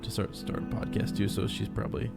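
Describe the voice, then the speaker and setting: A man co-hosting a podcast, chatting casually about a book, halting with many restarts. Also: lowish voice, level tone, gravelly, over loud music. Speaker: podcast co-host. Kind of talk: casual book discussion chat.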